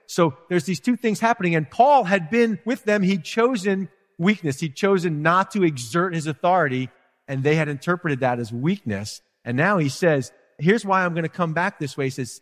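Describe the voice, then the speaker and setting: Animated male preacher, reverberant hall. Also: high-pitched. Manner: animated preaching with acted-out quotes and asides. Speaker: pastor. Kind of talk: sermon.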